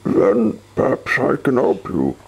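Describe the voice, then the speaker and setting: A man's voice: mid-range voice, big pitch swings, slow pace, creaky, husky, pitched above the performer's own voice, full character voice, poor audio. A man voicing an eccentric, pompous wizard in a storybook reading, theatrical and rambling. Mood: excited, lofty.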